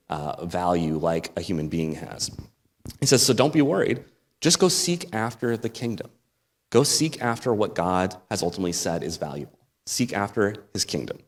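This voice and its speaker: An American man giving a sermon as a guest preacher, talking it through in a relaxed, conversational way with asides and small laughs. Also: deep voice. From United States. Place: church sanctuary. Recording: long hall reverb.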